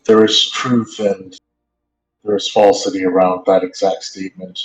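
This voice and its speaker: Male player, low and level, slow formal speech. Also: little pitch movement, muffled recording, faint music behind. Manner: careful, formal phrasing. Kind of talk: in-character tabletop role-play.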